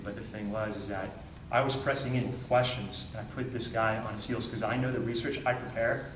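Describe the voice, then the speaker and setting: A man's voice: on the low side, noisy background. A man giving a training talk, telling a story emphatically and acting out the dialogue, repeating phrases for effect. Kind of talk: animated storytelling talk to a group. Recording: roomy sound from far off with faint ambience.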